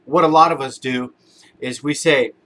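A man's voice: mid-range voice, steady tone, moderate pace, fairly bright tone. A man giving a casual motivational talk to camera as a vlogger, conversational and repetitive, using everyday examples. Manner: conversational, repeats phrases, uses everyday examples. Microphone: camera-mounted shotgun mic.

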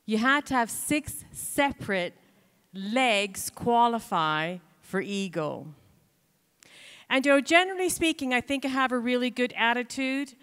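A woman giving a motivational stage talk, telling her story with animated delivery and acting out her own complaints. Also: on the high side, unhurried, clear, resonant tone. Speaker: keynote speaker. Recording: reverberant hall sound.

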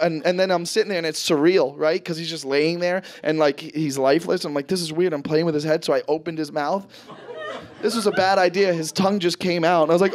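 A man performing a stand-up comedy set, telling stories animatedly and swearing freely, his voice jumping high and loud when he acts panicked. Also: quick pace, a faint crowd. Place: stage in front of a live audience. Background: audience laughter.

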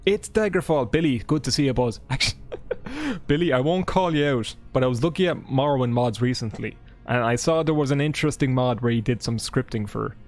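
A man's voice: medium pitch, expressive, fairly quick. Chatty male game streamer. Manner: rambling, chatty, swears and jokes with chat. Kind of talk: casual live gameplay commentary. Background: game music.

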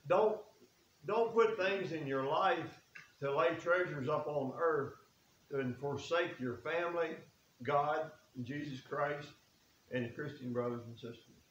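An earnest male preacher, talking in a folksy way and reading scripture between his own remarks. His voice sits a little high. The sound carries the echo of a church room over a faint hiss. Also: slow pace, fairly bright tone, highs cut off. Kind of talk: sermon.

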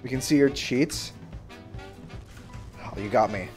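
A young man livestreaming a game, bantering loudly and sarcastically with his chat in mock outrage. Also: medium pitch, takes it slowly, soft background music. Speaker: streamer. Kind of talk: live gaming stream chatter.

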